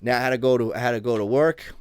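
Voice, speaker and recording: A man's voice: mid-range voice, rapid-fire, clean tone, dry recording. New man telling wild stories. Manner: animated, acts out voices in his stories. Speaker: podcast guest. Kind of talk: casual storytelling.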